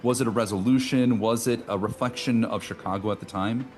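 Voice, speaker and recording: A man's voice: mid-range voice, fairly even intonation, brisk, darkish tone, soft background music. A man from Wisconsin co-hosting a podcast, asking long, winding questions in a casual way. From Wisconsin, USA. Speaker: podcast co-host.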